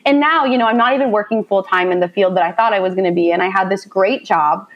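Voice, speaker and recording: A woman's voice: medium pitch, quick pace, lo-fi sound. A woman in her thirties from Indiana, a mother of a child with special needs, telling a personal story in a heartfelt conversational way. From Indiana, USA. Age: 30s. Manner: heartfelt, animated when quoting herself.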